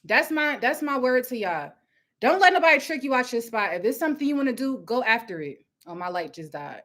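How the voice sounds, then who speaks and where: A young woman preaches hustle on a live stream, loud and fired up. Her voice sits high and bright, with a forceful edge. She laughs often between points. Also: lively intonation, fairly quick. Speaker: host of a live coaching stream. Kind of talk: live motivational talk. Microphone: phone or webcam at home with ring light.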